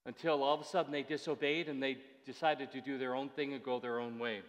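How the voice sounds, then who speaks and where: A man's voice: mid-range voice, steady tone, fast talker, big-room sound, dull audio. A man in his sixties preaching a sermon in a chatty, conversational way, with asides and restarts. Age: 60s. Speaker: pastor.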